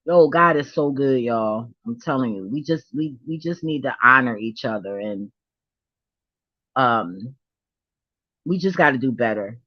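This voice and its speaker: A woman's voice: a bass voice, a little slow, pauses often, no echo. A middle-aged woman vlogging in a hyped, profane, laughing casual monologue. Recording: dull, dry lo-fi recording.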